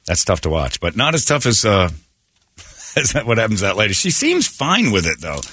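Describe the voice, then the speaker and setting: A man hosting a morning radio show, chatting and joking in a loose, animated way. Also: fairly low pitch, moderate pace, slightly rough. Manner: animated, jokey, exclamatory. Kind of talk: casual radio banter.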